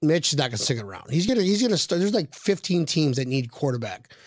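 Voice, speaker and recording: An Australian man hosting a casual sports podcast, joking and excitable in banter over a remote call. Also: fairly high pitch, quick pace, dry recording, clean studio sound. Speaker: podcast host.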